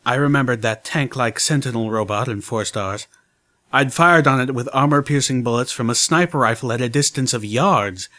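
A man narrating a fan-made audiobook in the first person, his pitch sitting in the middle of the male range. His reading is measured and steady, with a storyteller's pacing.

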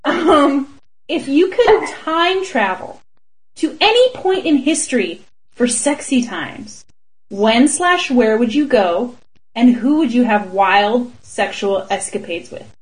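A woman's voice: a little high, animated, slow, low-quality recording. A young woman co-hosting a podcast, chatting in a playful, teasing way and laughing often. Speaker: podcast co-host. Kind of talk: casual chat.

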